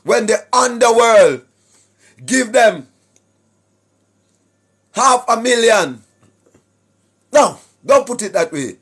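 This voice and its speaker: A man with a Jamaican accent preaching to online viewers in a sing-song, rhetorical way, often asking "right?" and clearing his throat. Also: very high voice, animated, slow, long pauses, fairly bright tone. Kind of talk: preachy livestream address to viewers. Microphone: speaking straight to a camera or phone.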